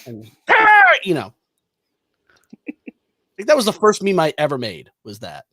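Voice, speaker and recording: Lively-pitched laid-back man. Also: moderate pace, dry recording. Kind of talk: casual chat.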